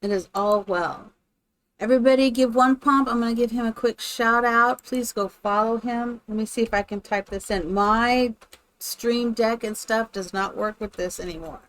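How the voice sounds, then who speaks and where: A woman's voice: a little high, normal speed, a bit bright. A woman live-streaming, chatting casually and thinking aloud while she builds in a game, greeting her viewers by name.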